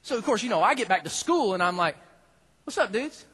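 A man, preaching a sermon in an animated storytelling way that swings from loud preaching to quiet asides. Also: sits high, fast, husky. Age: 30s. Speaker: pastor.

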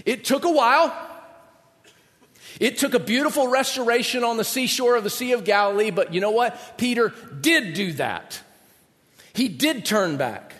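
High-voiced preaching man in a reverberant hall. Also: moderate pace. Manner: animated, dramatic, joking asides. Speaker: pastor. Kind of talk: sermon.

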